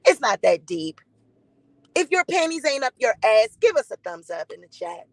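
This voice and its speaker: A woman's voice: a little high, sing-song, moderate pace, no echo, poor audio. A woman hosting a live-stream gossip commentary, blunt and defiant, swearing freely and greeting chat viewers by name.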